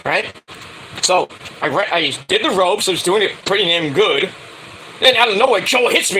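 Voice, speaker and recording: A man's voice: sits high, lively intonation, moderate pace, bright, forceful tone, slight background noise, rough recording. A middle-aged man telling a rambling casual story, full of filler words and restarts, acting out the lines he quotes. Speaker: wrestling show reviewer.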